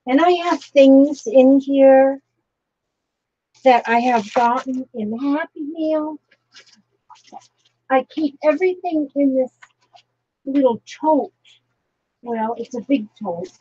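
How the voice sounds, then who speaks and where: A woman with a high, warm voice talks slowly and pauses often, and the recording sounds muffled. She's a crafting vlogger chatting her way through a casual tutorial, emotional and overwhelmed, with frequent breathless exclamations.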